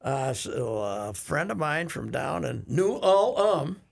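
A man's voice: on the high side, animated, slow pace. A man co-hosting a casual talk show, telling rambling stories with many halts and fillers. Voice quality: gravelly and husky. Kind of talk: casual chat.

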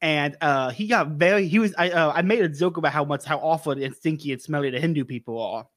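A man's voice: fairly high pitch, quick pace, a bit bright, no room sound, clean studio sound. A man in his twenties, a podcast guest, talking hesitantly and stammering in casual chat. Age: 20s.

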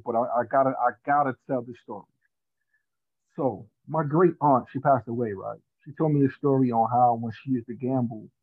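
A man's voice: mid-range voice, no echo. A man telling a funny story in casual slang, laughing at his own tale. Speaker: podcast guest. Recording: dry tinny phone-like sound.

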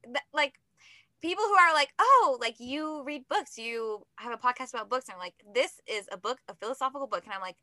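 A young adult woman rambles through a podcast tangent with a giggly, self-mocking lilt. Her voice sits a bit high and sounds bright. The recording is close and dry. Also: expressive, a little fast, no echo. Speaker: podcast co-host. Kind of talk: casual chat.

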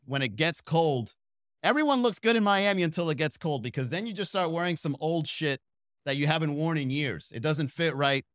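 A man's voice: fairly high pitch, fairly bright tone, no room sound, studio quality. A man hosting a comedy podcast, riffing solo in a conversational way, asking the listener rhetorical questions and acting out quoted people in exaggerated voices.

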